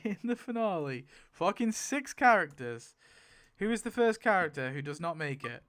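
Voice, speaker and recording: Spinning a wheel to rework a story, this man gives loose, rambling commentary at normal speed in a higher-leaning voice, growing excited at outcomes and quoting characters here and there.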